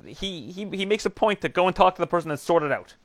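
A man hosting a casual mixed martial arts chat show, talking fast and chatty with many fillers. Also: high-pitched, expressive, a bit bright, no room sound. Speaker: MMA show host.

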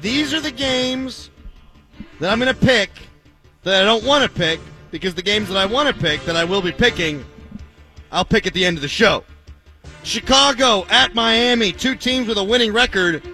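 Bright-voiced sports radio host man. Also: sits high, normal speed, soft background music. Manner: enthusiastic, wry.

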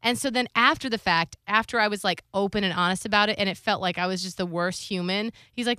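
A woman's voice: mid-range voice, fast talker, few pauses, no room sound, studio quality. A woman in casual podcast chat, telling personal stories openly and acting out what people said. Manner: open, confessional storytelling with lively quoted voices.

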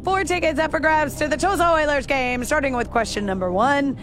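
A woman hosts a morning radio game with a bright, high voice. She is bubbly and encouraging and laughs easily. Faint music plays under her. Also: a little fast. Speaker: radio show host.

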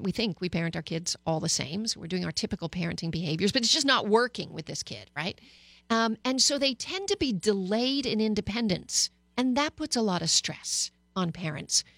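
Middle-aged woman radio host, mid-pitched, candid and hesitant, dry close studio mic. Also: gravelly, fairly bright tone, no echo. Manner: candid, personal, with frequent hesitations. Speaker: radio talk show host and psychologist. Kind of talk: talk radio monologue.

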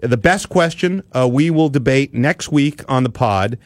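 A man's voice: mid-range voice, expressive, measured pace, no echo, clean studio sound. A man hosting a podcast in casual, teasing chat with his co-hosts, also reading sponsor spots. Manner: teasing, joking. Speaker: podcast host.

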